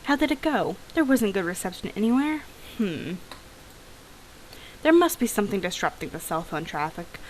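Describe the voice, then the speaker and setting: A woman's voice: mid-range voice, sing-song, normal speed, pauses often, a little hiss or hum, close to an everyday voice, rough recording. Grumpy old engineer, as a woman reads him. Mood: worried. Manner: gruff, muttering, old-fashioned complaints. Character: grumpy older engineer grumbling about gadgets. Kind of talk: reading game dialogue aloud.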